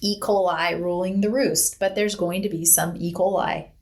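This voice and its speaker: A woman with a somewhat low voice co-hosting a relaxed health podcast. She explains her points in plain terms, and she is quick to agree and joke along. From Pacific Northwest of the US. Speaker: podcast co-host. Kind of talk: casual health podcast chat.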